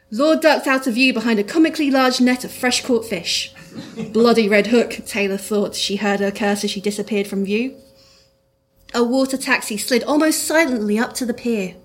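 A woman reading her own comic detective story aloud to a live audience, with a dry delivery. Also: a little high.

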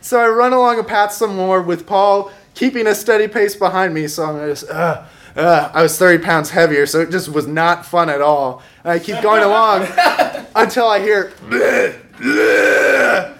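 A man's voice: sits high, normal speed, fairly bright tone. A young man telling a funny personal story on stage, wry and self-mocking, laughing along as he talks. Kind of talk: stand-up storytelling.

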